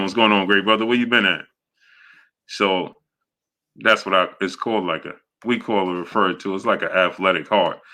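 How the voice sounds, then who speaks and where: A man hosting a casual live stream, greeting viewers by name and talking haltingly with many fillers. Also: low voice. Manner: greets viewers by name in a steady run-through. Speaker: host of a boxing live stream.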